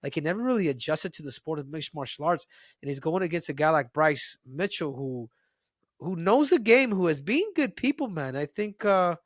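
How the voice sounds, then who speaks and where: Excitable stammering man, higher voice. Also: moderate pace, no room sound, clean studio sound. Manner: excitable, restarts phrases and stammers often. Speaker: podcast co-host, fight analyst. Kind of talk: casual podcast chat.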